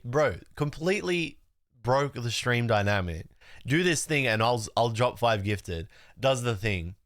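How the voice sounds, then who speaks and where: A man's voice: medium pitch, expressive, slow pace, fairly bright tone, dry recording, clean studio sound. A man with a sick, nasal, congested voice, chatting loosely as a livestream host and joking with his chat. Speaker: streamer.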